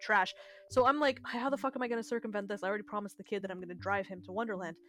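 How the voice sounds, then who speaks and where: A young woman co-hosting a podcast, telling a long story in casual chat, animated and full of swearing and laughter. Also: mid-range voice, very fast. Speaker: podcast co-host.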